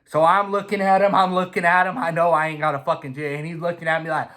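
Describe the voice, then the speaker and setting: A man telling a casual, swear-filled story in an animated way. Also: on the high side, fast. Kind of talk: casual anecdote.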